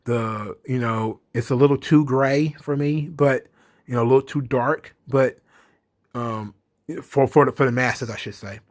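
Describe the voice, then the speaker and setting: A man's voice: medium pitch, steady tone, unhurried, a little mellow. Male solo commentator, casual and opinionated, rambly delivery with asides. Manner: rambling, opinionated, swears and laughs. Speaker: wrestling commentator.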